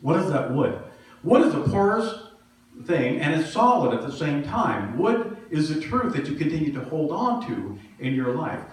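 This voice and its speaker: A man's voice: a little high, big pitch swings, moderate pace, recorded from a distance. Man preaching in an echoey hall. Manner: conversational storytelling, self-deprecating humor. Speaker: minister. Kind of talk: sermon. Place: church sanctuary.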